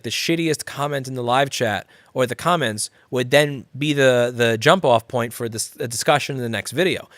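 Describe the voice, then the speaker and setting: A man's voice: mid-range voice, fairly bright tone. A man answers viewer questions on a casual livestream in a blunt, rambling way, swearing freely. His voice sits in an ordinary middle range. The sound is dry and close, with no room echo. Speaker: repair shop owner and channel host.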